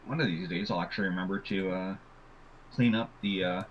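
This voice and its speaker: A man running a tabletop game as game master, relaxed and full of ums and uhs, on a muffled lo-fi recording. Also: low voice, a little fast, a little hiss or hum. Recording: muffled lo-fi audio.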